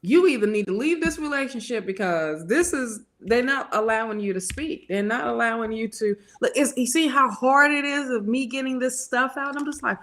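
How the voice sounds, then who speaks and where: Woman, tarot reader hosting a live stream, higher voice, lively, sniffly from a cold, laughs a lot. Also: normal speed, few pauses. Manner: lively, laughs often, folksy talk. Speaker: tarot reader and show host. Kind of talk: casual live-stream chat.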